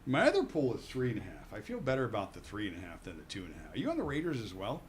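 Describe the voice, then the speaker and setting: A man co-hosting a sports radio desk, chatting through his weekly football picks with plenty of jokes and quick corrections of himself. His voice is mid-pitched and swings up and down a lot, and a faint hiss of noise sits under the recording. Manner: animated, jokey, self-correcting. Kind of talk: casual sports betting talk.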